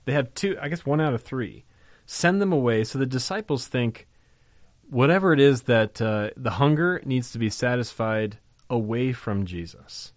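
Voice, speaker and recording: A man's voice: mid-range voice, expressive, moderate pace, no room sound, clean studio sound. A man teaching a Bible study on a podcast, conversational with musing asides and sudden emphasis on key words. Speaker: pastor.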